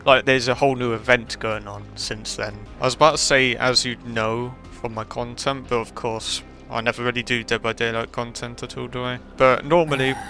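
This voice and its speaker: A man's voice: medium pitch, sharp tone. A man giving casual, rambling gameplay commentary with self-deprecating remarks. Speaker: gaming channel host.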